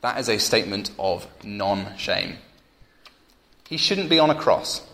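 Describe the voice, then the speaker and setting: Young preacher in a big echoey hall. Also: male voice, lowish voice, unhurried. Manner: storytelling, animated, builds to emphatic peaks. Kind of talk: sermon. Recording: roomy church hall with long reverb.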